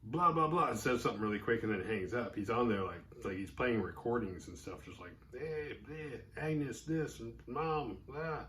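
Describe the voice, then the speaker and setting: A man's voice: medium pitch, normal speed, hardly any pauses, slight background noise. A man casually recapping a horror movie, acting out the characters' lines as he tells it. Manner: animated, acts out characters' lines mid-recap. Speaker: horror movie podcast host.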